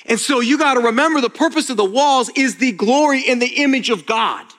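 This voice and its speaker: This pastor's sermon rings through the long reverb of a large hall. His voice is very high-pitched, a bit bright and a little fast, and he speaks earnestly and casually, often restarting his words and calling his listeners "you guys."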